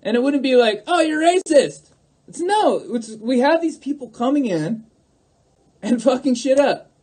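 A man's voice: extremely high pitch, expressive, normal speed, darkish tone, breathy edge. A man talking straight to his viewers on a livestream, emphatic and repetitive, calling out to them again and again. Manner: emphatic, repeats himself, keeps calling out to viewers. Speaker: livestream host. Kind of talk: livestream monologue.

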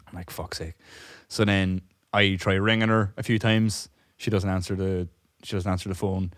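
A man's voice: sits low, little pitch movement, normal speed, dry recording, studio quality. A young man co-hosting a podcast, telling a long story in a rambling way, swearing often and laughing as he goes. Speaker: podcast co-host. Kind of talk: casual storytelling chat.

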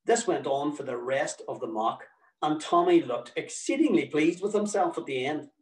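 A man's voice: fairly high pitch, animated, moderate pace, a little mellow, reverberant, distant mic, low-quality recording. A middle-aged man, telling a personal story to an audience with dry, wry, mock-exasperated humour.

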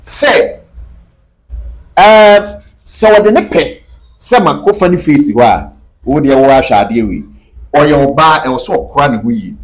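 A man's voice: mid-range voice, lively intonation, measured pace. A man with a Ghanaian accent, speaking as an interview guest in an emphatic, preachy way and mixing Twi and English. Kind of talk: animated interview talk.

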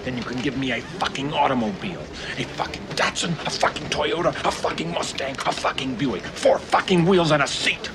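A man's voice: mid-range voice, expressive, fairly quick, hardly any pauses, heavy background noise, natural voice. An actor playing a furious male customer at a rental counter, ranting and swearing without letup in a film scene. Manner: profane, relentless ranting. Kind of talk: film comedy acting. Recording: film clip with busy crowd behind.

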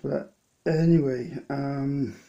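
A man's voice: mid-range voice, fairly even intonation, creaky, lo-fi sound, noisy background. A man with a Welsh accent, a bit drunk, rambling and restarting his sentences as he tastes a beer in a casual vlog. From Wales. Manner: rambling, halting, with many restarts. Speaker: lay preacher vlogger.

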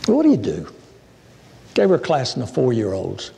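A male pastor preaching a sermon in a church, telling stories in a folksy, animated way. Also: mid-range voice, normal speed, gravelly. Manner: storytelling, folksy, animated asides. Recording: echoey church hall.

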